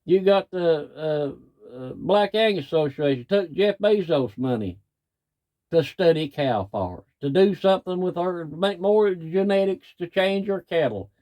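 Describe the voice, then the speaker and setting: A man's voice: fairly high pitch, expressive, measured pace, warm tone. A middle-aged man, a cattle farmer ranting in plain, folksy, angry talk. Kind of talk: frustrated rant to camera.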